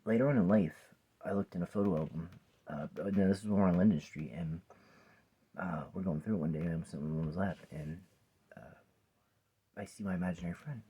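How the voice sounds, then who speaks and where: Man, 40s, very low husky voice; rambling vlog storyteller, swears, drifts into hushed asides. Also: brisk, pauses often, highs cut off. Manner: rambling, swears often, drops to a near whisper at times. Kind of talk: casual personal storytelling to camera. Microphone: phone or camera close by.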